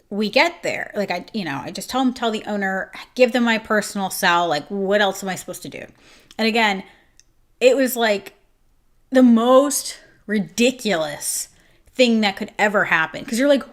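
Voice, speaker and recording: A woman's voice: medium pitch, expressive. Emotional woman salon owner telling a story. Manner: emotional, fast-shifting retelling with many "like"s. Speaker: grooming salon owner and host. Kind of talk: casual storytelling monologue.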